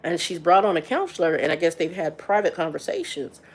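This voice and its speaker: A woman's voice: lowish voice, very animated, brisk. A middle-aged woman hosting a casual livestream chat, frank and blunt, often stumbling and repeating words as she talks. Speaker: livestream host.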